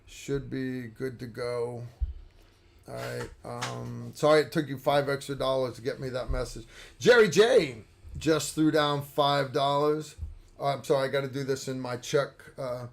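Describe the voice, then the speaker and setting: A man's voice: mid-range voice, flat delivery, slight background noise. A man co-hosting a casual livestream, reading out viewer donations and chatting loosely. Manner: slow, gravelly, swears casually. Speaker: livestream co-host.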